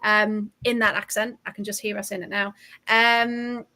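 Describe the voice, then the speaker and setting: A woman's voice: medium pitch, flat delivery, moderate pace, bright, forceful tone. A woman hosting a casual football podcast, chatting and reading out messages from the chat with frequent ums. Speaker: podcast host. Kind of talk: casual chat and live match watch-along.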